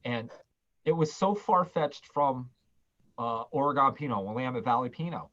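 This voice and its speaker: A man's voice: mid-range voice, animated, normal speed, fairly bright tone. A man in the middle of his range hosts a wine tasting over a video call, telling stories with relish. His audio is somewhat dull and muffled. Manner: enthusiastic storyteller, quotes people. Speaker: wine shop host of virtual tasting. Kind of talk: casual chat.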